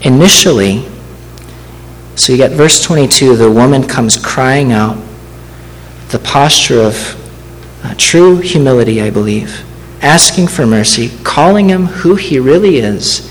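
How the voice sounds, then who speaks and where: A man preaching an earnest, deliberate expository sermon as a pastor, often turning to rhetorical questions for the congregation. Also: mid-range voice, expressive, in a large hall, a little hiss or hum, low-quality recording.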